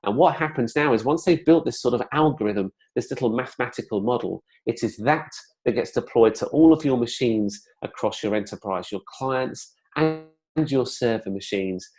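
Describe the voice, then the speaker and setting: A man presents an explanatory webinar in a relaxed, conversational manner full of fillers and asides. He speaks at medium pitch and normal speed.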